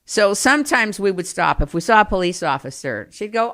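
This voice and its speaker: A middle-aged woman telling family stories in an animated, self-mocking way, swinging from quiet asides to loud bursts. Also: mid-range voice, moderate pace, hardly any pauses. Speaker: storyteller. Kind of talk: personal storytelling.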